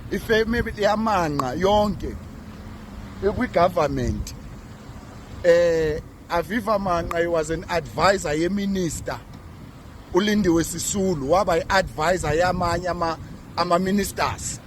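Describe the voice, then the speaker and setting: A man's voice: high voice, measured pace, a little hiss or hum. A man filming by a road outdoors, indignantly pointing things out and slipping English words into his talk. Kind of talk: on-the-spot street video.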